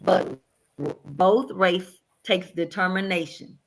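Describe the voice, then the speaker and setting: A woman presenting on caregiving during a livestream over a call, earnest and repeating herself as she goes. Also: on the low side. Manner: slow, earnest, repeats words. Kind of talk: encouraging talk on a livestream.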